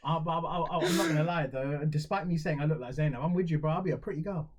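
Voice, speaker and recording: A young man co-hosting a casual podcast, bantering and launching into animated rants. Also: on the high side, quick pace. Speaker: podcast co-host. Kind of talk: casual chat.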